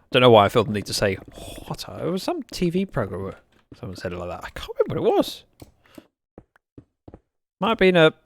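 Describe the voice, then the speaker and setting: A young male streamer talks to his viewers while he plays, joking and reading out their messages. His voice sits a little high. His pitch swings widely as he chats. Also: fairly bright tone, a little hiss or hum. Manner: chatty, joking, reads out chat messages. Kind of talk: casual livestream chat while playing.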